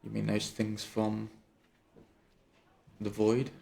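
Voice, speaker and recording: A man's voice: lowish voice, completely flat delivery, takes it slowly, creaky, warm tone. A man playing a tabletop game, questioning with stumbles and restarts. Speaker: player. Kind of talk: casual tabletop game play.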